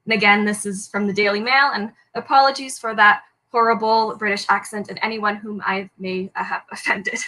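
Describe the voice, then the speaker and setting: A woman's voice: medium pitch, fairly even intonation, moderate pace, few pauses, pushed and bright, poor audio. A young woman hosting a trivia quiz, reading headlines aloud in an upbeat way and joking lightly when she slips. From Canada. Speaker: trivia host.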